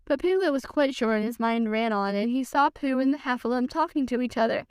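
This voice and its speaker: Woman narrator, high, clear voice, expressive read-aloud, close and dry. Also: no echo. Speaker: podcast host reading aloud.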